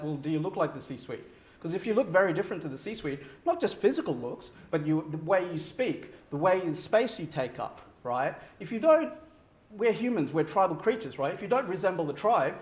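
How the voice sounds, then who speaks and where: A man delivering a conference keynote, talking to the audience and checking in with frequent "right?" asides. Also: high voice. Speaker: keynote speaker. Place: large conference hall. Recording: roomy echo of a large hall.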